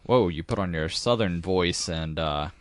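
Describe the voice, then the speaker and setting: A man's voice: deep voice, measured pace, smooth, dry recording. A man co-hosting a podcast in casual chat, talking in a wry, joking way. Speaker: podcast co-host.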